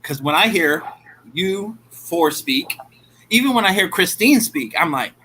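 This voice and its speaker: Bright-voiced man with a Southern US accent. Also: high voice, animated, a little slow, slight background noise, low-quality recording. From Ohio, US. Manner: blunt, swears casually. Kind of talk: casual chat on a livestream.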